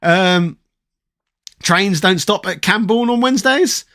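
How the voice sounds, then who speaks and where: Chatty London man, high voice. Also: a bit bright. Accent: London English. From London, England. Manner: rambling, chatty, reads chat aloud and riffs with quick jokes. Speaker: streamer chatting with live chat. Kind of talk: casual live-stream chat.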